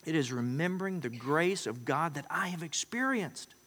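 Male pastor, fairly high voice, sermon in a church with long reverb; storytelling delivery with emphatic peaks. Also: animated, moderate pace, a bit bright. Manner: storytelling, rising to emphatic acted quotes.

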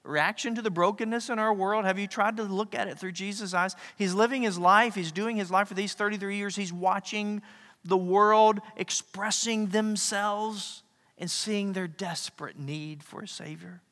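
A male pastor preaching a sermon, animated, swinging from loud emphasis to near-whispers. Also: high-pitched, moderate pace. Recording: echoey hall reverb.

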